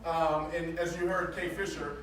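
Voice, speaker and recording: A man giving an energetic, preacher-like motivational talk at a sales training, leading call-and-response and joking with the audience. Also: on the high side, moderate pace. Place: large hall with a live audience. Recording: echoey hall with crowd noise, from far off.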